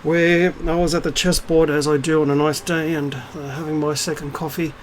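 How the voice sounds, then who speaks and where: A man's voice: fairly high pitch, flat delivery, moderate pace, a little hiss or hum, rough recording. A middle-aged man talking to camera in a casual, blunt and scornful rant, swearing freely. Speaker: spiritual vlogger. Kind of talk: casual ranting monologue.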